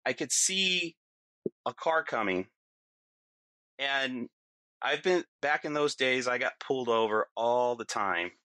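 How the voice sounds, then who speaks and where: A middle-aged man as a podcast guest, telling a story in casual talk, animated and laughing often, acting out what people said. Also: medium pitch, slow pace, long pauses, dry recording.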